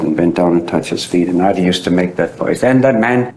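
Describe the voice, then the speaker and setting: A man giving a storytelling talk, acting out the voices of the people he describes. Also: fairly quick. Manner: animated storyteller who acts out quoted voices. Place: at the site being described. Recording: roomy echo with faint low rumble.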